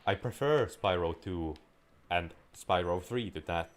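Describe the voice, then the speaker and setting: A man's voice: low voice, measured pace. A man giving casual, playful gameplay commentary as a gaming video creator, rambling and joking as he plays. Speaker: gaming YouTuber.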